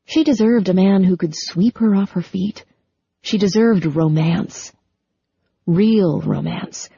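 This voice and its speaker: A woman narrating a novel in a measured storytelling manner. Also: fairly low pitch, expressive, vocal fry, mellow, breathy edge, dry recording. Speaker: audiobook narrator. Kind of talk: scripted narration. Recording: dull lo-fi sound.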